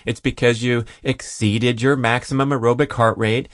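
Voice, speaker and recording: A man's voice: medium pitch, steady tone, normal speed, dry recording, clean studio sound. A man hosting a solo podcast, explaining listener questions in an easy, conversational way with frequent "uh" fillers. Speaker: podcast host.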